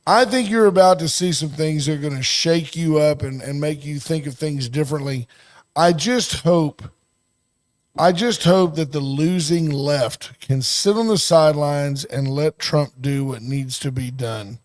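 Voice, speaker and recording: A man's voice: a little high, measured pace. Blunt opinionated male radio co-host. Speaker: radio talk show co-host. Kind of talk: casual talk radio banter.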